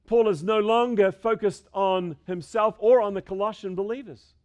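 A man's voice: high-pitched, steady tone, moderate pace. A man preaching an expository sermon in a church, stressing key phrases and repeating them for emphasis. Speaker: pastor. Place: church sanctuary with a screen.

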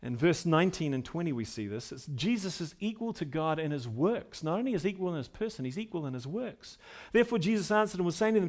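A man preaching an expository sermon, moving between quiet teaching and loud, emphatic passages, with conversational fillers. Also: a little high, animated, fast.

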